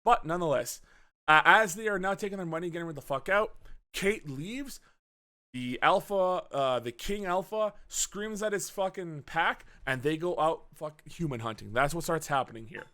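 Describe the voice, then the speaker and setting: A man talking through a movie on a casual podcast, his voice bright and forceful. His pitch jumps up and down a lot as he gets into it. He swears freely and slips into quick voices for the characters. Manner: animated, swears often, acts out scenes with quick voice changes. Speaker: podcast co-host. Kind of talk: casual movie review chat.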